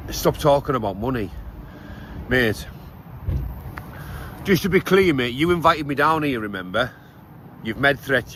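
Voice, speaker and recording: A man's voice: medium pitch, fairly bright tone, a little hiss or hum. A man, a fighter, mocking and taunting a rival with a stream of coarse insults outdoors. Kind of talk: insulting call-out rant.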